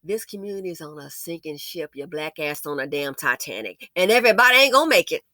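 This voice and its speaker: A woman's voice: deep voice, very animated, fast talker, bright, forceful tone, dry recording, clean studio sound. A woman hosting a commentary video, ranting in an angry, profane, scolding way. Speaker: commentary channel host. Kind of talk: blunt commentary rant.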